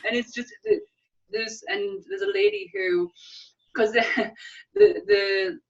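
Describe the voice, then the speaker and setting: A woman co-hosting a podcast in casual chat, animated, laughing often and restarting her sentences. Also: extremely high pitch, slow, vocal fry. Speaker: podcast co-host. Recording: distant, dull lo-fi sound.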